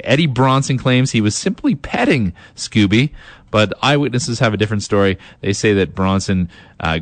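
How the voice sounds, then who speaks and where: A man's voice: fairly low pitch, no echo. Rambling, chatty male radio DJ. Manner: rambling, self-deprecating, hesitant with fillers. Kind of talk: casual radio banter. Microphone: studio mic.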